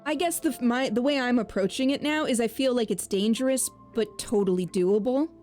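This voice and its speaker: A woman chatting casually as co-host of a stream, relaxed and laughing often, bothered by hiccups. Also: fairly high pitch, brisk, faint music behind. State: has the hiccups. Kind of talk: casual chat.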